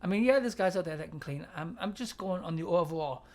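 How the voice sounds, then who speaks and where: A woman's voice: fairly low pitch, expressive, quick pace, darkish tone. A woman hosting a livestream advice chat, blunt and swearing freely, laughing often and reading out viewer comments. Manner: reads viewer chat aloud.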